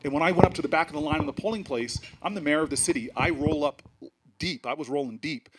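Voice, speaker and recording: A man's voice: a little high, fast talker, heavy background noise. Emphatic middle-aged man addressing an audience. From New Jersey. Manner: emphatic, rhetorical, frequent restarts and fillers. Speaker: politician speaking to a festival audience. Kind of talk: animated speech with storytelling. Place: event stage before a live audience.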